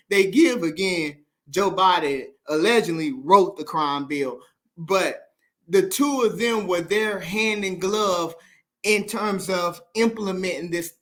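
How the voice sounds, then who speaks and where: A man with a high, sharply bright voice delivers unscripted political commentary on a stream. He talks emphatically, circling back to repeat his points and often restarting mid-sentence. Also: measured pace. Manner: emphatic and repetitive, restarts a lot.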